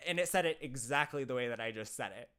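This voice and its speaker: Smooth, medium-pitched, and a bit bright, the voice belongs to a man from southern Ohio, USA, with a Midwestern American accent. He chats loosely on a live stream, answering viewers with plenty of rambling and frequent laughter.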